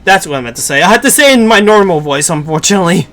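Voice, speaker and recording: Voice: medium pitch, very animated, fast talker, few pauses, fairly bright tone, soft background music. A streamer making wry, self-correcting asides in a casual way between lines of a game script. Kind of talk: casual aside while reading a game aloud.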